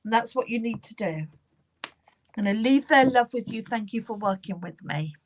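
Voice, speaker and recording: British woman medium, reassuring, a little high. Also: lively intonation, normal speed. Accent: British English. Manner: warm, reassuring, repeats names and phrases while drawing cards. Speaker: psychic medium giving live card readings. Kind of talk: live online reading.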